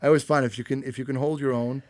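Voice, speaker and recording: A man's voice: medium pitch, fairly even intonation, racing, dry recording. A man hosting an interview podcast who asks his questions with affirming, restarting phrasing. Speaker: podcast host.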